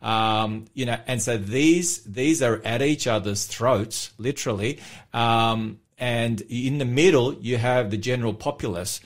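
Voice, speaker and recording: A man's voice: medium pitch, measured pace. Aussie pastor guy chatting on the radio, rambly, lots of ums, laughs a bunch. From Australia. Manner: chatty, animated, laughs often, rambling with fillers. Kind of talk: casual radio chat. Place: radio studio.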